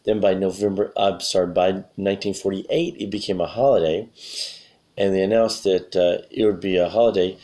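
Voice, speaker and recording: An American English teacher with a deep, slightly hoarse voice gives learners a casual, relaxed spoken lesson at a moderate pace. He rambles, clears his throat now and then, and often corrects himself mid-sentence.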